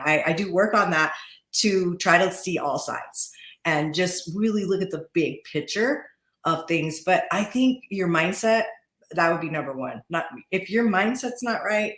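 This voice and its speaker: A woman in her forties, a podcast guest talking casually, chatty and quick to laugh, often restarting and repeating words. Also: fairly low pitch, a bit bright, echoey room. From Utah. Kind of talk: casual interview talk. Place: podcast studio.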